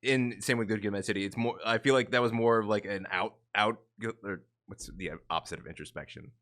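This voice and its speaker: Deep-voiced man, bright and clear. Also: fairly quick. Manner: laid-back, hedging with fillers. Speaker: podcast co-host. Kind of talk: casual chat about music.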